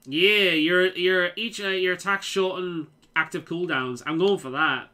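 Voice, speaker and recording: A streamer from the Liverpool area gives loose, rambling let's-play commentary, swearing freely and talking through opinions between moves. The voice is bright and forward and sits at an ordinary pitch. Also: unhurried.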